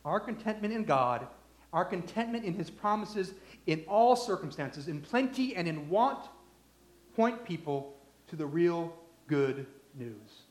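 Emphatic high-voiced male preacher. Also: expressive, measured pace. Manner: emphatic, swinging from loud to hushed. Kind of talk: sermon. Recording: echoey room.

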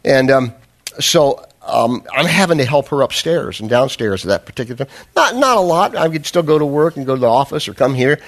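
A pastor delivers a sermon in a medium-pitched, fairly quick voice with lively intonation. He shares a humorous personal story at his own expense, then drives his point home with earnest, fervent emphasis.

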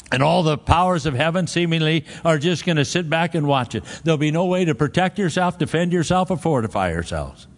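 A man's voice: fairly high pitch, in a large hall. A man preaching a conversational sermon, humorous and full of restarts and laughter.

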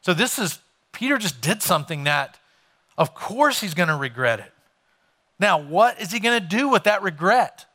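A man preaching a sermon in a bright, forceful voice, pitched a little higher than most men. He tells the scripture story conversationally, as a pastor putting old words into plain modern talk. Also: very animated, normal speed.

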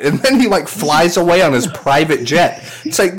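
A man in casual podcast banter, animated and laughing, often swearing and mimicking people. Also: a little high, fairly quick, hardly any pauses, slight background noise. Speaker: podcast co-host. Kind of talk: casual chat.

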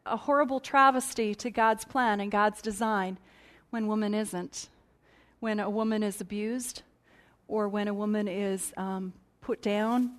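A woman with a fairly high voice speaks from a conference stage, teaching in an earnest, chatty way. She restarts her sentences often and drifts into friendly asides to the audience. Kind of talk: conversational teaching talk.

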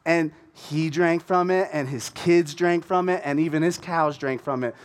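A man teaching from the Bible in a relaxed, conversational way. He retells the passage in plain, everyday words with animated energy. His voice sits fairly high. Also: normal speed, few pauses.

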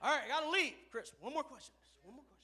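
Man preaching in a church, storytelling sermon that swells to fervent near-shouting, strikingly high voice with a sharp, bright edge. He keeps the story moving and leans hard on the punchlines of faith. The delivery is a pastor's own, not a performance. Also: lively intonation, very fast.

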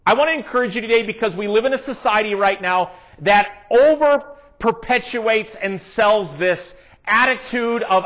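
A man's voice: sits high, normal speed. A man preaching a sermon in an earnest, conversational way, with emphatic rises. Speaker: pastor. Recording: dull, lo-fi sound.

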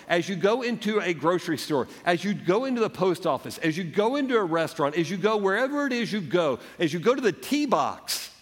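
Earnest pastor preaching in a reverberant hall. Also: male voice, high-pitched. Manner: earnest preaching, acts out voices of doubters and of Jesus. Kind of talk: sermon. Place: church sanctuary.

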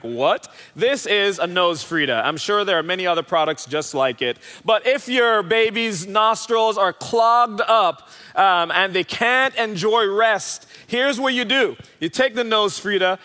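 A man's voice: high voice, sharp tone. A young man preaching a sermon in a large church hall, telling stories in a conversational, playful way. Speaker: pastor. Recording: hall reverb.

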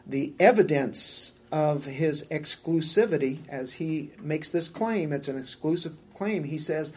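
A man's voice: on the high side, a little slow, hardly any pauses, darkish tone. A man preaching a verse-by-verse sermon in a conversational way, with many fillers and repeated words.

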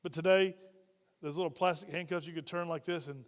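Speaking fairly quickly in a fairly high, steady voice, this man preaches a conversational sermon as pastor. He keeps putting questions to the congregation, and the recording carries the long reverb of a church hall.

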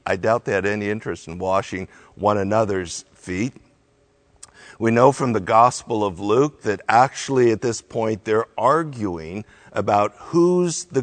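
A man preaching a sermon, teaching through a scripture passage in a deliberate way, emphatic at times. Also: medium pitch.

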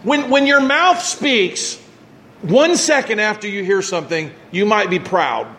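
A man's voice: high-pitched, expressive, unhurried, fairly bright tone, a little hiss or hum. A male pastor preaching a conversational sermon, acting out mock voices as he talks.

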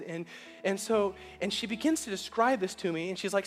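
A male pastor preaching a sermon and telling a personal story. He moves between loud, animated passages and hushed, emotional ones. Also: sits high, brisk. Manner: animated, swings from shouting to hushed. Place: church sanctuary. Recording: church hall with long reverb, faint music.

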